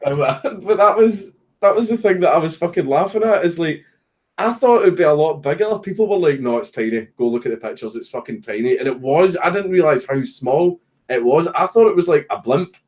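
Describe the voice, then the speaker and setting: A man's voice: fairly high pitch, animated, fairly quick, a little mellow, low-quality recording. A Scottish man casually chatting on a home live stream, reading viewer messages, swearing and joking while a puppy distracts him.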